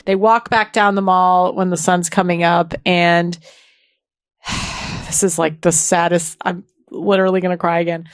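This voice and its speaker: Woman podcast host, casual recap voice, gushing and animated, dry close mic. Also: fairly low pitch, unhurried, no room sound. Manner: gushing, animated storytelling with laughs.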